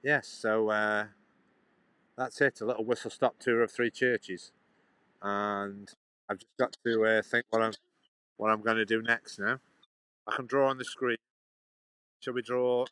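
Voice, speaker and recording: A man's voice: lowish voice, steady tone, a little slow, long pauses, sharp tone, smooth, dry recording, rough recording. A man rambling on a live stream outdoors, chatting back to his viewers. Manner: chatty, meandering, answers chat questions. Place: outdoors in a sunny town.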